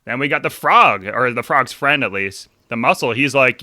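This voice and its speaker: Bright-voiced guy, dry close sound. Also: mid-range voice, brisk, hardly any pauses, dry recording. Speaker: podcast co-host. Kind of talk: casual chat.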